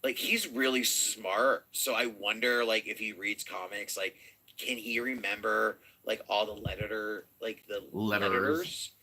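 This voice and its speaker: A man's voice: lowish voice, fairly even intonation, unhurried, pushed and bright, slightly rough. A man casually chatting on a comics livestream, rambling through stories and talking to his cat. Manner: rambling, talks baby-talk to his cat. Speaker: podcast co-host.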